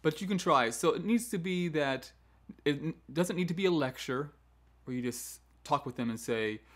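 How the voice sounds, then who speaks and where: A man's voice: fairly high pitch, animated, moderate pace. A man hosting a choral education lesson, explaining classroom management in a conversational way and acting out firm teacher commands. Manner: demonstrates teacher commands in a firm, downward-inflected voice; conversational, with frequent "right?" asides and restarts. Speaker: choral music education host. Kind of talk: instructional talk on classroom management.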